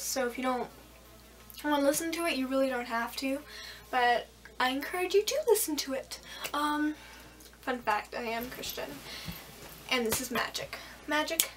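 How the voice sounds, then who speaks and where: Teen girl, high bright voice, casual storytime, giggly and rambling, faint room noise, a bit off-mic. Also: far from the mic, rough recording. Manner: rambling, giggly, many fillers. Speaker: vlogger.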